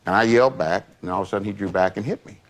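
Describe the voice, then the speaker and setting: Older male storyteller, low-pitched voice, loose and rambling. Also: racing. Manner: rambling anecdotes with many asides. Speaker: longtime associate recounting memories. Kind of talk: casual storytelling.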